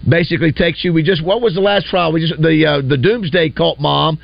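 A man's voice: fairly high pitch, steady tone, a little fast, creaky, no room sound. A man hosting a morning radio show in a casual, chatty way, often stalling with fillers and restarts. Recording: dull lo-fi broadcast sound.

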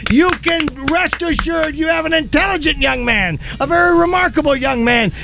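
A man's voice: extremely high pitch, normal speed, creaky. A man hosting a morning radio show, running a call-in game with teasing, showy delivery. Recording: dull radio broadcast sound with music bed.

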